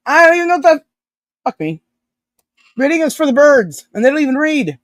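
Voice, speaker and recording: A woman hosting a live stream, reading chat aloud in a loose, rambling way. Her pitch swoops up and down constantly, and she swears freely and giggles often. The sound is dry and close. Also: lively intonation, normal speed, long pauses, no echo.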